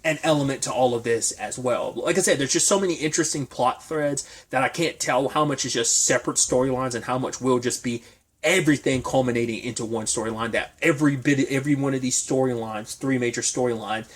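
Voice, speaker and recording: A man's voice: mid-range voice, fairly quick, husky. A man reviewing a TV episode in a casual, rambling recap full of fillers and speculation.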